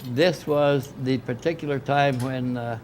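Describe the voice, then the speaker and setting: Older man, rambling storyteller voicing quoted people, mid pitch, faint noise behind. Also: steady tone, a little slow. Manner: rambling anecdotal, acts out quoted dialogue. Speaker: interviewee recounting experiences. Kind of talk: casual storytelling.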